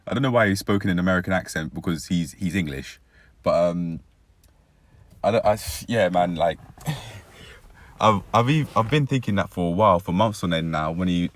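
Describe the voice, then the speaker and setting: Young male vlogger, deep voice, dry-throated, rambling and reflective; dry, close recording. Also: no room sound. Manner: rambling, reflective, frequent self-corrections. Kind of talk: casual personal vlog monologue.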